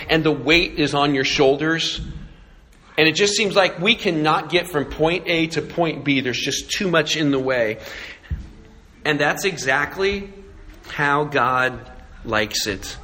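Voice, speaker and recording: A man preaching a sermon to his congregation, animated and joking, with asides to the listeners. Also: fairly high pitch, big-room sound, a little hiss or hum. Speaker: pastor.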